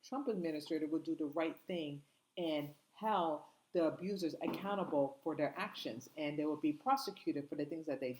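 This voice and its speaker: A woman with a somewhat low voice delivers an impassioned opinion monologue straight to her viewers. She talks in a casual, unscripted way, full of fillers and slang. She keeps firing off indignant rhetorical questions and repeats her points for emphasis. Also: darkish tone, slight background noise, poor audio. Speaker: commentator.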